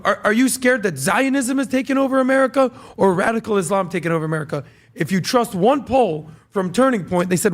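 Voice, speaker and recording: A man co-hosting a political talk show, arguing his points in a punchy, heated way with examples. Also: sits high. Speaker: podcast co-host.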